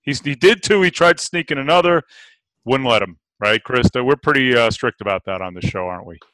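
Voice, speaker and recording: A man co-hosting a podcast in a loose, joking way, trading playful banter with his guests. His pitch sits in the middle range. The sound is dry, with no room echo. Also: animated, fairly quick, sharp tone. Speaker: podcast co-host. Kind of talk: casual podcast chat.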